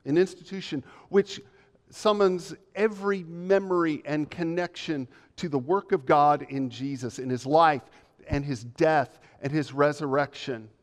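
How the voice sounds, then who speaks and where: A male pastor delivers a measured, emphatic sermon full of repeated phrases. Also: on the high side. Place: church sanctuary. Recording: long reverb of a church hall.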